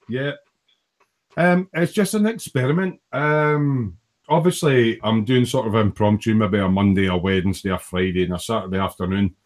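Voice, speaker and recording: A man casually hosting a workshop live stream, rambling and friendly with lots of fillers, talking into a laptop mic. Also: fairly low pitch. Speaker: livestream host, hobby model maker. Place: home workshop at his bench. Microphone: laptop built-in mic.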